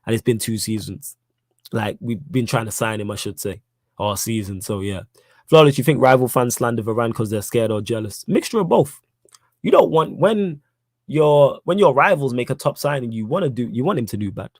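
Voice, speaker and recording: A man's voice: mid-range voice, fairly quick, no room sound. Young man, slangy and emphatic, casual live-stream host, dry close mic. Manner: slangy, emphatic, repeats points. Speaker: podcast host reading live chat.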